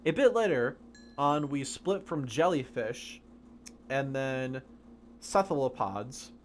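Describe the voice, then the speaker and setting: A man's voice: medium pitch, lively intonation, slow pace, slight background noise. A young man live-streaming a game, casually and patiently explaining science questions from chat.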